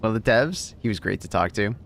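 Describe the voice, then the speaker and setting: A man's voice: on the low side, lively intonation, fast talker, creaky, fairly bright tone. A man hosting a livestream in casual chat, laughing often and swearing loosely as he reads messages.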